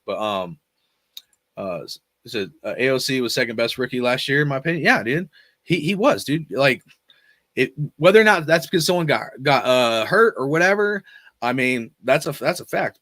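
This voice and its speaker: Emphatic, profane fan host, dry sound. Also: male voice, medium pitch, a bit bright, dry recording. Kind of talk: live sports commentary reading chat.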